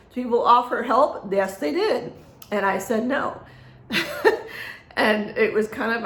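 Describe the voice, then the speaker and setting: Chatty woman vlogging in an echoey room. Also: medium pitch. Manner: rambling, chatty, laughs often, many fillers. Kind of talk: casual personal vlog.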